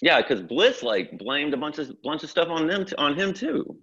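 A man's voice: fairly high pitch, very animated, normal speed, a bit bright, husky, muffled recording. A man hosting a podcast interview, laughing along and jumping in with eager questions. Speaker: podcast host. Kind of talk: casual interview chat.

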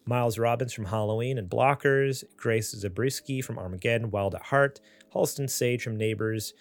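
A man's voice: mid-range voice, normal speed. A man hosting a casual podcast, laughing often and reading gaming news aloud. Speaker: podcast host.

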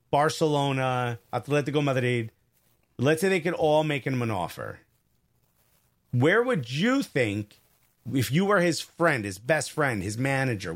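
A man co-hosting a live streamed football chat show, talking fast and emphatically and asking his co-host pointed hypothetical questions. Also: fairly high pitch.

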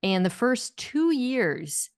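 A woman's voice: on the high side, big pitch swings, takes it slowly, creaky, no echo. A woman guest on a talk podcast, telling stories in a wry, dry way in casual chat.

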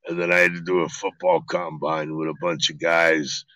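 A man, an actor guest in an interview, telling lively stories full of swearing and acted-out quotes. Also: low-pitched, normal speed, dry recording, low-quality recording. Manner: animated, profane, acts out quotes. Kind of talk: storytelling interview.

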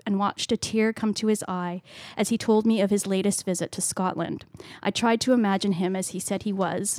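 A woman's voice: mid-range voice, darkish tone, dry recording. Hesitant woman with a dry sound. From Canada. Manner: hesitant, lots of ums, reads passages aloud. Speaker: podcast co-host. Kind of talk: casual book-club chat.

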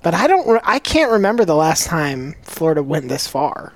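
A man co-hosting a casual chat, wry and quick to laugh. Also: on the high side, big pitch swings. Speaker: co-host.

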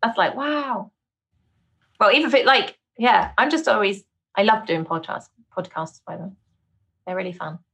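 A middle-aged woman with a British accent, a vocal coach chatting as a guest on a podcast, laughing often and jumping into bright, high exclamations. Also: moderate pace, creaky, husky. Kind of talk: casual interview chat.

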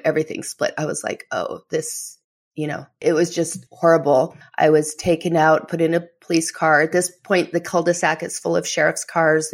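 A woman author, a guest, telling her personal story candidly with many fillers, her voice catching with emotion. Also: low voice.

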